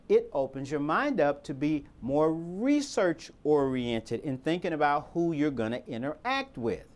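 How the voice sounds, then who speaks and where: A man giving an emphatic training talk to volunteers, firing off rhetorical questions and repeating his key points. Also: fairly high pitch.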